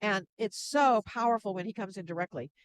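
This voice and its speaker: A woman guest who works as a spiritual channel, speaking gently and laughing softly between thoughts. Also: mid-range voice, fairly quick, noisy background. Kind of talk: casual interview chat.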